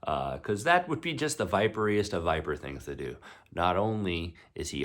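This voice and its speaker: Casual male vlogger with a low voice, rambling and excitable chatter. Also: quick pace. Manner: rambling, excitable, laughs easily. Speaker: wrestling vlogger. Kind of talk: casual chat.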